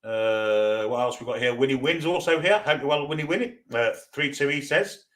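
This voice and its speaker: A man's voice: medium pitch, moderate pace, a bit bright. A man with a Geordie accent hosting a live football fan watchalong, chatting casually as he reads out viewer comments and banters back. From North East England. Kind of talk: live stream chat reading.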